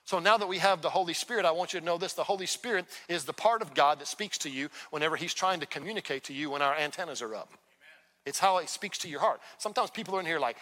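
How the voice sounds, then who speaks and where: Bright-voiced male pastor preaching in a reverberant hall. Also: fairly high pitch. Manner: conversational preaching that acts out quick dialogues. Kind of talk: sermon. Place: church sanctuary.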